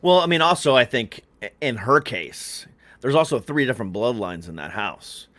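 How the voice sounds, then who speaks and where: A man hosts a podcast with a middle-pitched voice, close and dry on the mic. He rambles and hedges, filling gaps with you know and um, and keeps the chat loose. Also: animated, moderate pace, a bit bright, no echo. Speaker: podcast host. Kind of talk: casual podcast conversation.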